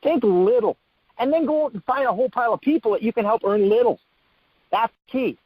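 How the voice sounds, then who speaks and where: A man giving an energetic motivational training talk on a call, full of rhetorical questions and repeated phrases. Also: very high-pitched, a little fast, slightly rough, dry recording. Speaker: network marketing trainer hosting a call. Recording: dull muffled call audio, dry.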